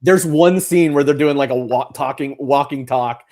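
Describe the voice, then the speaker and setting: A man's voice: mid-range voice, moderate pace, a little mellow. A man with an ordinary mid-range voice co-hosts a laid-back film podcast. He chats loosely, joking and leaning on fillers as he goes. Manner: chatty, filler-heavy, jokey. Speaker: podcast co-host. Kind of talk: casual movie review chat.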